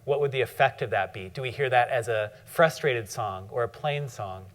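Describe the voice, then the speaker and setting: A man giving a thoughtful classroom lecture on poetry, often pausing and reading poem lines slowly. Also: medium pitch, fairly bright tone. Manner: frequent fillers and restarts.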